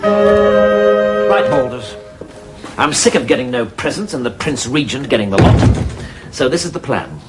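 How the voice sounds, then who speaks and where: A man's voice: medium pitch, wildly swooping pitch, unhurried, long pauses, loud music behind the voice. An actor playing a dry, sarcastic, scheming male servant in a sitcom. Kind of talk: sitcom acting. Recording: hissy old TV recording.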